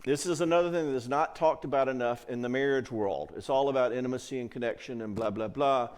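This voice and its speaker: Man, middle-aged, conference talk on marriage, chatty, mid-pitched, asks "okay?" often. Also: quick pace, a little mellow, clear, resonant tone. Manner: conversational, acts out quoted voices, frequent check-ins. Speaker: conference speaker, therapist.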